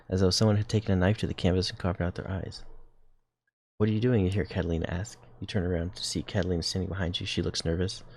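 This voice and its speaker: A man's voice: deep voice, slightly rough. A man co-hosting a livestream, reading AI-generated story text aloud in a plain, matter-of-fact way.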